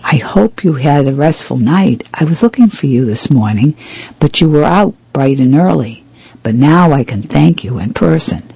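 A man reading aloud, voicing a cheerful, chatty middle-aged woman who runs an inn, in the same mellow, husky tone as his narration. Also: fairly high pitch, lively intonation, normal speed, no echo, exaggerated voice, rough recording. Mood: grateful. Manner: chatty and effusive.

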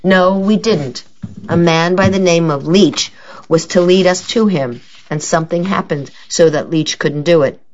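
A woman's voice: lowish voice, unhurried, a little mellow, pitched above the performer's own voice, lightly acted. A woman voicing a young woman, the old lady's niece, who speaks carefully and without conviction, on a dull lo-fi recording. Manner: unconvincing, careful.

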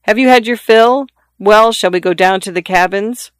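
A reader voicing a skeptical old father who grumbles and philosophizes, in a smooth, dry audiobook reading. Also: medium pitch, moderate pace, dry recording, voice pushed up, lightly acted. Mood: musing. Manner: teasing, philosophizing. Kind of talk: audiobook character voice.

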